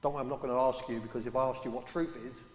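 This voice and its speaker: A man's voice: mid-range voice, steady tone, racing, a little mellow. A man preaching a sermon in a conversational way, putting questions to his congregation. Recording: echoey hall.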